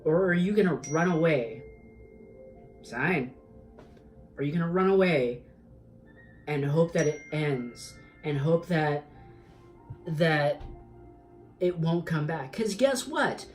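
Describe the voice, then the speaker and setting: A woman's voice: lowish voice, a little mellow, rough recording. A woman giving an earnest, emphatic tarot reading, repeating herself and swearing for emphasis. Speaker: tarot reader. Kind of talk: spoken tarot reading, motivational.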